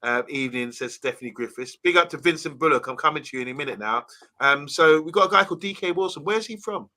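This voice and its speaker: Casting: male co-host, very bright sound, chatty and friendly with viewers, casual football banter. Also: fairly high pitch, lively intonation, fast talker. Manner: chatty, greets viewers by name. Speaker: livestream co-host reading comments.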